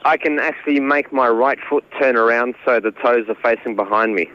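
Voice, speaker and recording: A man's voice: mid-range voice, fairly even intonation, brisk. A man calling into a radio show, easygoing and laughing often. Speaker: caller. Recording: dull phone line with faint noise.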